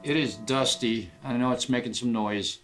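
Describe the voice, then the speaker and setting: A man's voice: medium pitch, fairly even intonation, normal speed, fairly bright tone, a little hiss or hum. A middle-aged man livestreaming as a guitarist, chatting casually in a rambling, sentimental way with frequent swearing.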